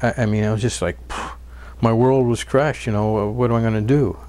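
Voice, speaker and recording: A man's voice: medium pitch, fairly even intonation, brisk, darkish tone. A man telling stories in an interview, earnest, with frequent fillers and restarts. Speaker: documentary narrator and interviewee. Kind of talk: interview and narration.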